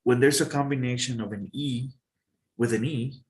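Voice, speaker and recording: A man teaching an English pronunciation lesson in a casual, halting way, checking in with his students. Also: mid-range voice, steady tone, darkish tone.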